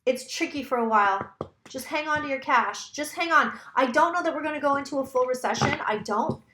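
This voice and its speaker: A woman's voice: high voice, fairly quick, roomy sound, noisy background. A woman psychic giving a casual, rambling tarot reading, talking straight to her viewers and swearing now and then.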